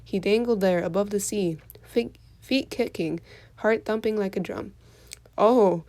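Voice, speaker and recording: A woman reading a folktale aloud for children in an expressive storytelling voice. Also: mid-range voice, normal speed.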